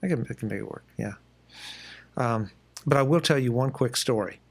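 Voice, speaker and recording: A man from the East Coast of the United States hosts a relaxed podcast interview over a video call. His voice sits in an ordinary middle pitch, and he talks in a chatty, storytelling way. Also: normal speed, vocal fry, husky. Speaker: podcast host. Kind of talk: casual interview chat.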